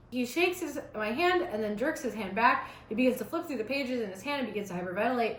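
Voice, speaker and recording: A woman's voice: a little high, expressive, fast, hardly any pauses, a bit bright, slight background noise. A teenage girl reading her old fan story aloud, breaking off for sarcastic, chatty asides. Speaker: vlogger. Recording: roomy echo.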